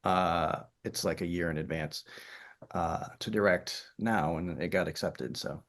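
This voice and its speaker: A man's voice: deep voice, measured pace, a bit bright. A middle-aged man from Michigan's Upper Peninsula with a faint Yooper accent, a theater director telling stories in an interview, chatty with many fillers and restarts. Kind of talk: interview conversation.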